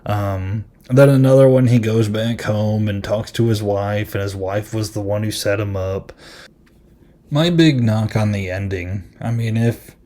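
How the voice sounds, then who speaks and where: A man's voice: fairly low pitch, unhurried, warm tone. A man hosting a podcast and reviewing a film in casual chat, rambling and amused, with lots of ums and likes.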